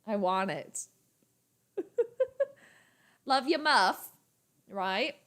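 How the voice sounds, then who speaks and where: A woman hosting a casual sports livestream, talking chattily to her viewers in an animated way. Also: medium pitch, extremely slow. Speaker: sports channel host.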